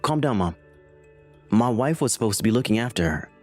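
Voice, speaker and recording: Guy reading a shifty husband making excuses to his mom, text story, lively pitch. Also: brisk. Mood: evasive. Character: lying jobless husband, defensive with his mother. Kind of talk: scripted text-message reading. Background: faint background music.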